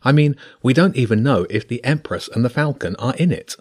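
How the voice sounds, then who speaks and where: A man's voice: medium pitch, lively intonation, a little fast, darkish tone, pitched above the performer's own voice, natural voice. A man voicing an anxious young boy who blurts out his worries.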